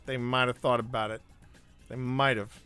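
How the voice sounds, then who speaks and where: Bright-voiced man hosting a gaming stream. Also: mid-range voice, moderate pace, soft background music. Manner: animated, laughing asides and self-corrections. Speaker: stream host. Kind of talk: casual live-stream chat while gaming.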